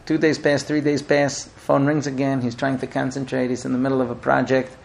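A man telling a story in a lively, animated way, often slipping into his characters' voices. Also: mid-range voice, fairly quick, vocal fry.

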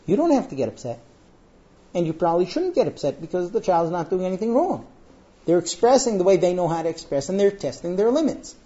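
Animated parenting speaker, dull lo-fi sound. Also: medium pitch, brisk. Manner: animated storyteller who acts out quotes. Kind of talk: parenting talk to a live audience.

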